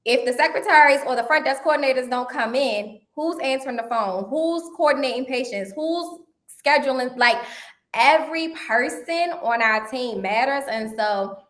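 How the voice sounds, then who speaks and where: A woman's voice: sits high, moderate pace, a bit bright, reverberant. A woman interview guest, a healthcare consultant, speaking emphatically with rhetorical questions in casual conversation.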